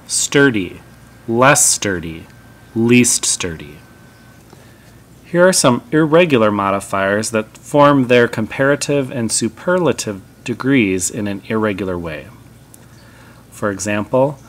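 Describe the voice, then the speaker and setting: Guy teaching grammar, kinda low voice, really slow and careful with each example. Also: a bit bright. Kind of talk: grammar lesson narration.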